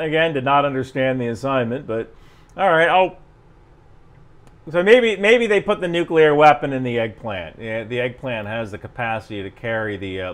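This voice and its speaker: A man from New Jersey with a General American accent, still touched by New Jersey, giving rambling casual commentary and chuckling often. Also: medium pitch. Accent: General American, softened New Jersey. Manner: chuckling, rambling, self-interrupting. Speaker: YouTube commentator.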